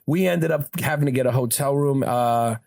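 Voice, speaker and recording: A male podcast host chats in a loose, swearing, joking way. His voice is mid-pitched and ordinary, with a relaxed, conversational rhythm. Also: normal speed, creaky. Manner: loose, profane banter. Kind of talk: casual comedic chat.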